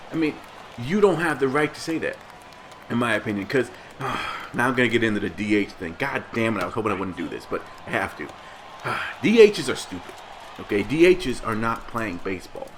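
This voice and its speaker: A man ranting in a casual vlog commentary, rambling and heated, with many restarts. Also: mid-range voice. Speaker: gaming vlogger.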